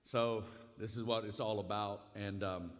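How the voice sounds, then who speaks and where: A man's voice: fairly low pitch, fairly even intonation, a little slow. A man in his forties with an Arkansas accent, telling his testimony as a guest preacher in folksy storytelling style with frequent asides. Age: 40s. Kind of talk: sermon testimony. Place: large conference hall. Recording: reverberant hall.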